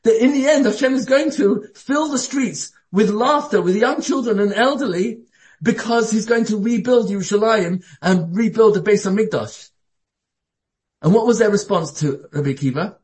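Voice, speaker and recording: A man with a high voice preaches a sermon. He talks with a lot of energy, stumbles and restarts often, and shifts between calm and excited passages. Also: normal speed. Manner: animated, acts out quoted voices, frequent restarts. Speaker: Torah teacher.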